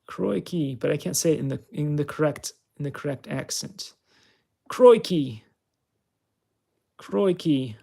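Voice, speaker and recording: A man's voice: fairly high pitch, monotone, brisk, creaky, hardly any pauses, darkish tone. A man giving casual, self-mocking commentary while he plays a flight simulator game. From California. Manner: chatty, self-mocking, talks to himself while playing. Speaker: channel host.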